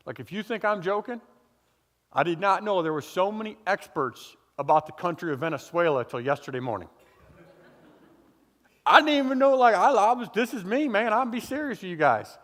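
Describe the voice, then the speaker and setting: A man's voice: high voice, very animated, moderate pace, fairly bright tone. A man preaching a sermon as pastor, in a casual, folksy, conversational way, with repeated phrases. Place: church sanctuary. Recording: church hall reverb.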